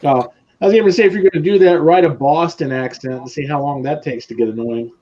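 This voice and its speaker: A man's voice: on the high side, fast talker, dark tone. A man chatting casually on a live show over a remote call, making dry remarks. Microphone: remote call line. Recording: dull lo-fi call audio.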